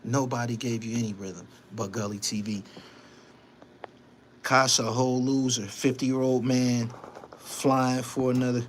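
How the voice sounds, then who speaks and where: A man's voice: mid-range voice, flat delivery, normal speed, a little hiss or hum. A man hosting his own online show, delivering a heated live-stream monologue, emphatic and repetitive, scolding someone and invoking his faith.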